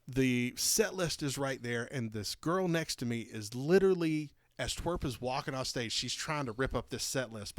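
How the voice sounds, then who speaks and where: A man co-hosting a podcast, telling a long casual story with lots of fillers and lively retellings. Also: medium pitch, dry recording. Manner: animated, rambling anecdote with many fillers. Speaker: podcast co-host.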